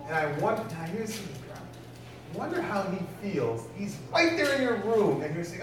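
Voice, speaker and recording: The pastor here speaks at a normal speed in a high-pitched voice that swings widely in pitch. He treats the sermon like a conversation, regularly asking the congregation questions, captured from a distance in a reverberant hall with faint noise.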